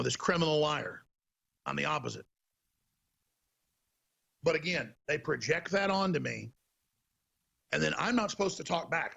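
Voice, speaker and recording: A man's voice: a little high, gravelly, bright, forceful tone, slightly rough. A man hosting a talk show, delivering a heated, emphatic ranting monologue.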